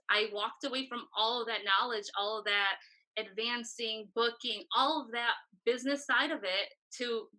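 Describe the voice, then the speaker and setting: The recording is rough, and her voice leans high with an unhurried pace. She's a photographer in her thirties, a guest in a casual interview who brings her stories alive by acting out the quoted exchanges.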